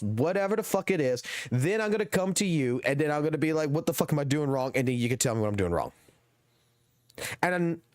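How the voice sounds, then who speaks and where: A man's voice: on the high side, no echo. Heated Southern streamer, young man, profane and emphatic, dry close sound. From American South. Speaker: game streamer. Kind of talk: profane live-stream rant.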